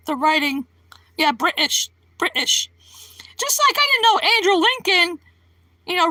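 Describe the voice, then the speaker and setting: Woman streamer, high bright voice, giggly rambling chat, dry close sound. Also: dry recording. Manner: rambling, giggly, laughs often between remarks. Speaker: live streamer. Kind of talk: casual live-stream chat with viewers.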